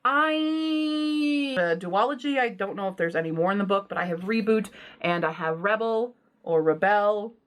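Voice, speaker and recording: A woman's voice: mid-range voice, normal speed. A woman book vlogger talking casually and bluntly, with self-deprecating asides. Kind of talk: casual book unhaul vlog.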